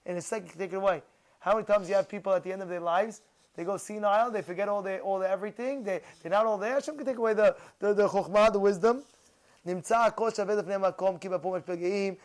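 High-pitched animated rabbi telling stories. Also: male voice, fast, poor audio. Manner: animated, repeats phrases, mixes in Hebrew terms. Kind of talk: storytelling Torah talk.

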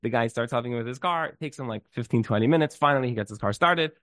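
A man's voice: mid-range voice, very fast, no room sound. Dry, close-miked man telling a story. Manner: animated storyteller, restarts and repeats words. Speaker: speaker giving a Jewish inspirational talk. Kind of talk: inspirational talk with storytelling.

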